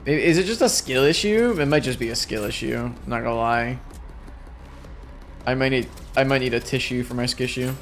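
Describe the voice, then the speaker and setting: A man's voice: mid-range voice, normal speed, a little hiss or hum. A young man streaming a video game, sounding exhausted and talking in a rambling, self-deprecating way. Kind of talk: casual gameplay commentary.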